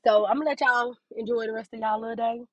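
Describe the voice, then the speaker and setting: A woman's voice: on the high side, steady tone, fast talker, no echo, muffled recording. Sassy, profane young woman. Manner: blunt, sassy and profane, laughs often. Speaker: podcast host giving a life update. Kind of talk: casual monologue.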